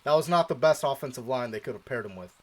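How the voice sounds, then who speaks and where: A man's voice: medium pitch, quick pace, very noisy. A man co-hosting a live sports stream, casually chatting and acting out his own past reactions as he tells a story, laughing often. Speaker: co-host of a sports show.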